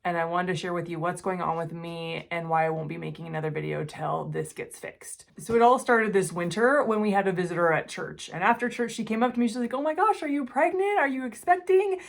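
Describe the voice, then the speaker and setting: A woman in her forties with a slightly low voice shares a personal story straight to camera. She speaks in an earnest, emotional way, often dropping quiet and subdued. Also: a little fast, vocal fry, few pauses. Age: 40s. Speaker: jewelry-making channel host.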